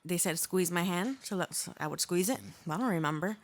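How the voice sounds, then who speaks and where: A woman's voice: fairly low pitch, lively intonation, fairly quick. A young woman telling her story as a podcast guest in a chatty, meandering way. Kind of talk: casual chat.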